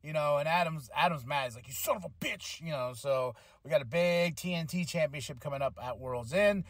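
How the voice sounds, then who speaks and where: A man talks through a casual podcast recap, rambling and excitable, with lots of fillers and restarts. His voice sits a little high for a man. The sound is dry and close, with no room around it. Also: a little fast, dry recording. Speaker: podcast host reviewing wrestling. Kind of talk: casual review chat.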